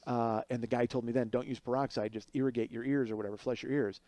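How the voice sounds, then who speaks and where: A man's voice: mid-range voice, fairly even intonation, quick pace, mellow, no room sound. A middle-aged man telling a comic story as a podcast host, acting out other people's voices as he goes.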